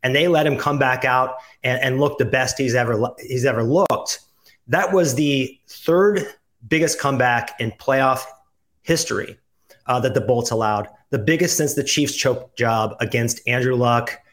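A man co-hosting a casual sports podcast, wry and joking as he gives out mock awards. His voice sits at a middle pitch with a relaxed, conversational flow. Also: a little slow. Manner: wry, joking, pun-loving. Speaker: podcast co-host.

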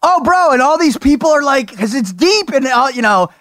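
A man hosting a podcast, hyped and loud, laughing often and swearing freely. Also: very high-pitched, lively intonation, normal speed, dry recording, studio quality. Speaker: podcast host. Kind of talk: energetic podcast conversation.

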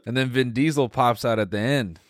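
A young man co-hosting a podcast, relaxed in casual chat, mostly chiming in with short reactions. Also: mid-range voice, fairly quick, no room sound, clean studio sound. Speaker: podcast co-host.

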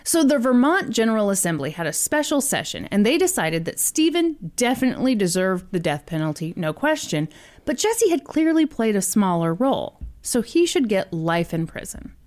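A woman's voice: mid-range voice, very animated, moderate pace, a little mellow. A woman podcast host telling a story in a casual, chatty way, laughing between lines.

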